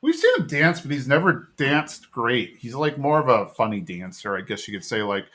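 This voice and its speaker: A man's voice: mid-range voice, sing-song, moderate pace, few pauses, a bit bright. Male podcast co-host, casual rambling recapper. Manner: rambling recap, acting out characters' lines. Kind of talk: casual chat.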